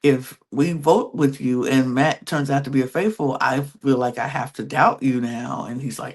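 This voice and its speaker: A man's voice: mid-range voice, moderate pace, few pauses. A man hosting a podcast, casually recapping a reality-show episode and acting out the contestants' reactions as he goes. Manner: retells scenes by acting out contestants' quoted reactions. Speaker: podcast host.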